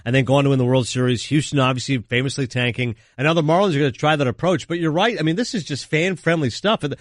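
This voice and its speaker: A man in his thirties from Canada, filling in as a sports radio host, chatty and quick to laugh as he tells stories. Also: mid-range voice, no room sound, studio quality. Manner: fast, chatty, laughs easily, tells stories with quoted voices. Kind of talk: casual sports talk. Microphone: studio mic.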